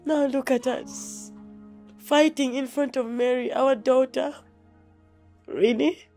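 A wronged, grieving mother who pleads and comforts softly. Her voice sits fairly high and moves slowly. Faint music plays beneath her. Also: fairly even intonation. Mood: pleading. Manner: pleading, tearful, soft and tender with child. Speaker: actor. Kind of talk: short film acting.

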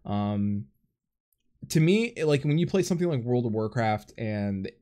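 A man's voice: medium pitch, expressive, unhurried, warm tone. A man co-hosting a casual gaming podcast over voice chat, rambling with lots of fillers. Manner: rambling, filler-heavy, laughs often. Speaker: podcast co-host. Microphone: headset over voice chat.

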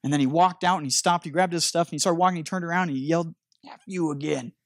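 Pastor telling a story in a sermon. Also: male voice, fairly high pitch, racing, no room sound, clean studio sound. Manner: animated storytelling with restarts.

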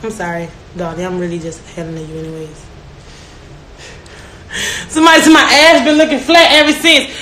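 A woman's voice: medium pitch, fairly even intonation, brisk, pauses often. A young woman telling stories in a casual chat, brash and profane, often laughing. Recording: echoey room with faint noise.

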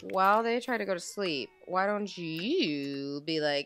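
A woman's voice: fairly low pitch, unhurried, few pauses, a bit bright, smooth, no echo. Chatty young woman playing a life sim. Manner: chatty, talks to her game characters. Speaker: gaming channel host. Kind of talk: casual let's-play commentary.

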